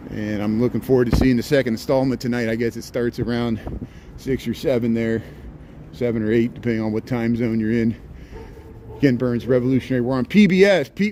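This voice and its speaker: A man's voice: a little high, a little mellow. Male streamer on a walking tour, sarcastic rambler, phone mic outdoors. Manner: chatty, sarcastic stream-of-consciousness rants. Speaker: livestream host. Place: outdoors on city streets. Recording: faint street noise.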